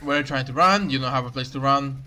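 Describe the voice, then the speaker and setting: A man's voice: mid-range voice, fairly quick, pushed and bright. A man coaching a player through a match replay, explaining tactics and repeating key advice. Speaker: game coach reviewing a match. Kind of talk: coaching commentary over gameplay.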